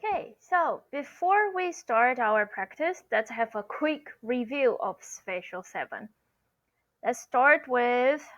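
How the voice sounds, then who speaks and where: A woman's voice: fairly high pitch, fairly bright tone, no room sound. A woman teaching pronunciation online, explaining patiently and repeating sounds for learners to copy, saying "okay" often. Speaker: Mandarin teacher. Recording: dull lo-fi sound.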